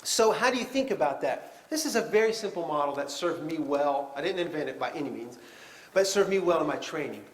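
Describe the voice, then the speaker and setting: A man teaching a counseling class in a high, bright-pitched voice that swoops up and down as he talks. He keeps it conversational and animated, slipping into quoted voices to act out examples. The room is echoey around him. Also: brisk. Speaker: pastoral counseling lecturer. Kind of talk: classroom lecture.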